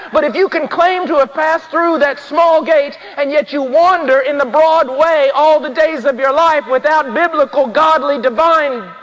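A man preaching an impassioned sermon, swinging from hushed, solemn passages to ringing, shouted emphasis. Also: extremely high pitch. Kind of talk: fiery sermon. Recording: dull sound in a reverberant church hall.

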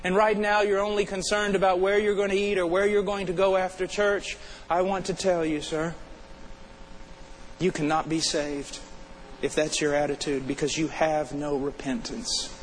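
A male preacher delivering a fervent sermon, swinging between urgent and hushed. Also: high voice, flat delivery, normal speed, a little hiss or hum, low-quality recording.

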